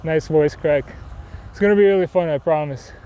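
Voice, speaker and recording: A cycling vlogger chats casually as he rides his bike outdoors, rambling and poking fun at himself with lots of filler words. His voice is a little high with a dark tone, his delivery brisk, and the lo-fi recording picks up wind and faint traffic.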